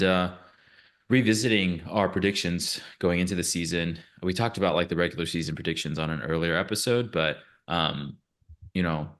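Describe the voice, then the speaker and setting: Deep-voiced man chatting football. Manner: relaxed, hesitant with many fillers. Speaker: podcast co-host. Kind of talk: casual sports chat.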